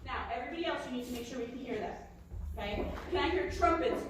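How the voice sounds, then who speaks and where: A woman leading a large band rehearsal, giving lively instructions and singing phrases to demonstrate. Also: high voice, quick pace. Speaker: band conductor. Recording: echoey room from far off, with noise.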